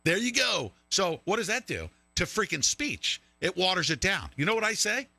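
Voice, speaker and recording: A man hosts a live stream with loud, riffing commentary, mocking and sometimes singing his lines. His voice sits high and very bright, with a gravelly rasp and wild swings in pitch. The sound is close and dry. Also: sing-song, moderate pace, no room sound, soft background music. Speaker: show host.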